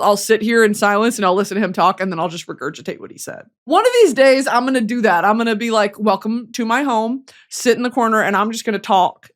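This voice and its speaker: Swearing without restraint, the young host of a comedy podcast shifts between quiet muttering and sudden loud squeals.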